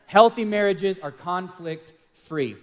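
A man's voice: high voice, slow pace. A man co-hosting a talk on marriage, speaking earnestly in a casual sermon style and telling self-deprecating stories. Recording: hall reverb.

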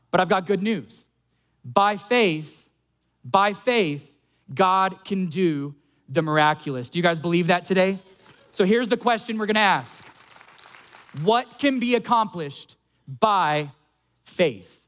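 High-voiced man preaching earnestly. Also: lively intonation, fairly bright tone. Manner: earnest preaching with slowed emphatic phrases. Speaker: pastor. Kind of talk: sermon.

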